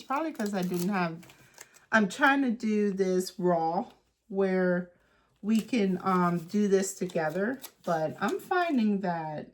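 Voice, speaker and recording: Talking to herself through a craft project, this woman, a craft and journaling creator, gives a relaxed tutorial while thinking out loud. Her mid-range voice is expressive, and she speaks in a slow, unhurried way, pausing often.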